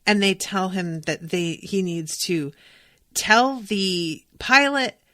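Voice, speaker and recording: Woman, podcast host, casual recap, excitable, swears freely, mid pitch, dry sound. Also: takes it slowly, no echo. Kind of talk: casual chat.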